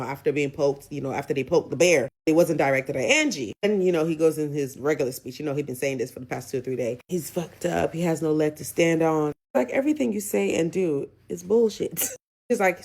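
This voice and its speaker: A woman's voice: low voice, darkish tone. Sassy blunt woman recapping a show. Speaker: recap vlogger. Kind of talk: casual reality-show recap.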